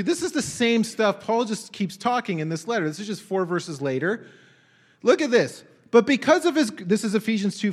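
A young man preaching a sermon, reading scripture aloud and exclaiming in wonder as he questions his listeners. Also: high-pitched. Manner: animated, exclaims and asks the congregation questions.

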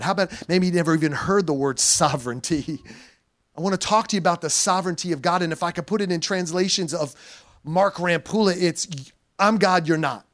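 A man preaching a sermon as pastor, animated and conversational, mixing scripture reading with playful slang asides. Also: high-pitched.

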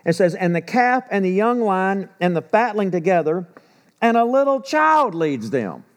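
A middle-aged man preaching with a slightly raised pitch. He has a folksy, storytelling way of delivering his sermon and often turns to the congregation with rhetorical questions. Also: big pitch swings, normal speed. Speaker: pastor.

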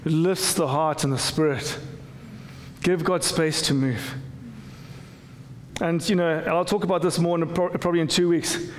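A man's voice: on the high side, fairly even intonation, normal speed, big-room sound, a little hiss or hum. A man preaching a conversational sermon as pastor, with frequent restarts and repeated words. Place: church.

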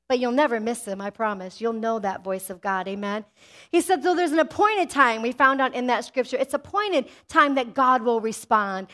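A woman pastor preaching with a high, bright-pitched voice. She is energetic and tells personal stories. She keeps asking her listeners "amen?" as she goes. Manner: energetic, asks the congregation "amen?"; personal storytelling. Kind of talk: sermon.

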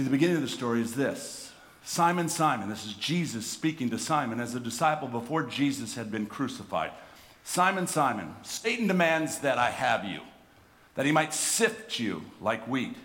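A middle-aged man with a mid-range voice delivers a sermon as a pastor. He alternates between soft reflection and loud, impassioned emphasis, often repeating words when he begins phrases again.

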